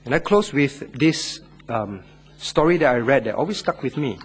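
A man preaching a sermon and leading a closing prayer, earnest, swinging from loud stressed words to hushed lines and drawing key words out slowly. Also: mid-range voice, expressive, slight background noise.

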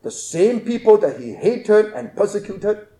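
High-voiced man preaching in an echoey room. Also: lively intonation, a little slow. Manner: emphatic, varies between loud and hushed. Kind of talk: expository sermon.

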